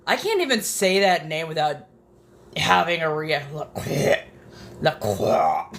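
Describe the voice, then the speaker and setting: A woman's voice: sits low, big pitch swings, unhurried, gravelly. A woman streamer chatting casually, swearing and getting dramatic, sometimes dropping into whispers. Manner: profane, dramatic, drifts into whispers. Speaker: ASMR streamer. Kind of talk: casual chat. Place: apartment.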